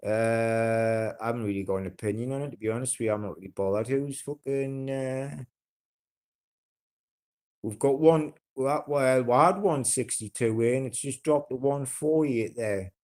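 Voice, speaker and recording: A man's voice: medium pitch, moderate pace, a little mellow. A man with a broad Geordie accent chatting casually on a livestream, blunt and sweary, rambling with fillers and restarts. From North East England.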